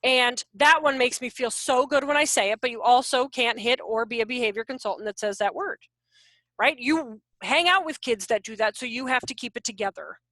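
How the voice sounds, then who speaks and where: Bright, high, lively woman in her forties. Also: brisk, no room sound, clean studio sound. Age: 40s. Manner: animated, self-deprecating, jokey. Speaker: behavior consultant. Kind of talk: online workshop talk. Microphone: video call.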